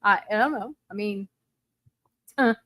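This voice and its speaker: A woman's voice: mid-range voice, a little slow, sharp tone, no echo. A woman co-hosting a casual recap chat, blunt and sarcastic. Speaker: podcast co-host.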